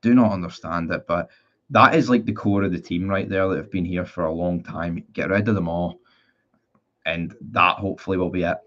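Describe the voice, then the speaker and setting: A man's voice: deep voice, steady tone, a little fast, fairly bright tone. A man in his twenties with a Northern Irish accent, chatting casually on a live stream and reading out viewer comments in a blunt, rambling way with casual swearing. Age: 20s. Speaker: football fan streamer. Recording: dull lo-fi sound.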